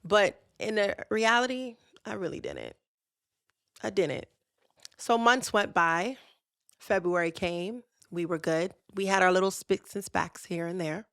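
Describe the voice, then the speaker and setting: A woman's voice: mid-range voice, measured pace, a bit bright, no echo, studio quality. A young woman podcast host casually telling a personal story, candid and chatty, speaking straight to her listeners. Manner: candid, conversational, addresses listeners directly.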